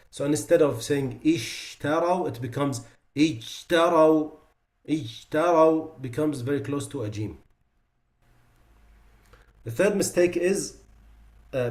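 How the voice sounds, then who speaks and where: A man at a medium pitch leads a class on reciting the Quran. He steps through common pronunciation mistakes and slows right down to model each sound, often saying it twice. Between examples he talks in a relaxed, off-the-cuff way. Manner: explanatory, demonstrates pronunciations slowly and repeats them; loose, conversational asides with fillers. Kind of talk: online class lecture.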